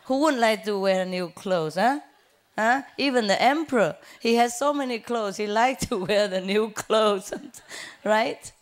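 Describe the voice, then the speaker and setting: A woman's voice: medium pitch, unhurried. A woman spiritual teacher giving an informal talk, chatty and rambling, telling personal stories and laughing often. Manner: rambling with frequent fillers and restarts. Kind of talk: informal lecture with personal anecdotes.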